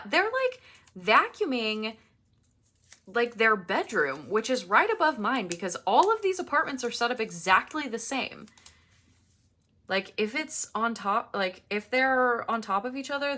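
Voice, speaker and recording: A woman's voice: fairly high pitch, sing-song, a little slow, pushed and bright. A young woman chatting casually as she decorates a planner at home in her apartment, with chatty, exasperated ranting asides. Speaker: planner vlogger. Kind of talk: casual chat while crafting.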